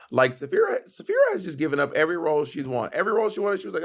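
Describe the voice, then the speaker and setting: A man's voice: a little high, rapid-fire, hardly any pauses. A man co-hosting a casual chat, talking with opinion and quoting others in voices. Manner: opinionated, animated storytelling with quoted voices. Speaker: podcast co-host.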